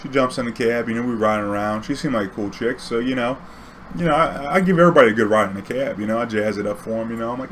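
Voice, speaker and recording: A man's voice: medium pitch, quick pace, fairly bright tone, slight background noise. A man, a cab driver telling a story in a rambling, conversational way, full of restarts and "you know"s. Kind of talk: casual storytelling.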